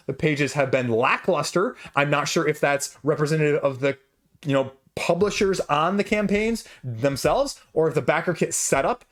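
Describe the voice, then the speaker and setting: A man hosting a board game channel, ranting casually to camera in a passionate, emphatic way, his voice jumping when he gets worked up. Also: on the high side. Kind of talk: casual opinion rant to camera.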